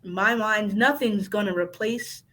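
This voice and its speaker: A woman's voice: medium pitch, moderate pace, pushed and bright, poor audio. A woman dispatch training technician speaking as a podcast guest, earnest and emphatic, repeating her points and laughing along. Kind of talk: casual podcast interview chat.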